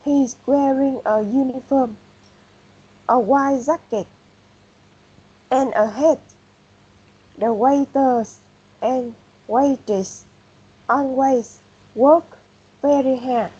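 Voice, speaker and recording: A woman studying English, slowly reading a short text aloud word by word. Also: sits high, fairly even intonation, mellow, breathy edge. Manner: halting, careful word-by-word reading. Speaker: English student. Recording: dull lo-fi audio.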